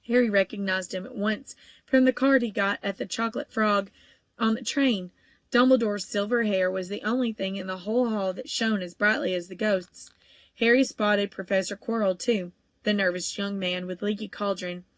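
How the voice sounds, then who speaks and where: A woman narrating a children's novel at an easy, steady pace, stumbling now and then on a word. Her voice sits at an ordinary middle pitch. The room is dead and dry, close to the mic. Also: normal speed, no room sound. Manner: steady, even storytelling with occasional small stumbles. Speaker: audiobook reader. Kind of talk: audiobook narration.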